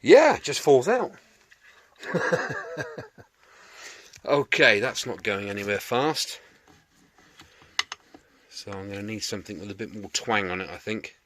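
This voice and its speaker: A man works through a repair in his home workshop, chatting slowly to the camera and muttering jokey catchphrases to himself. The recording carries noticeable workshop noise and clicks. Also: lowish voice, very animated, fairly bright tone. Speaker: restoration video maker. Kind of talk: talking through workshop jobs.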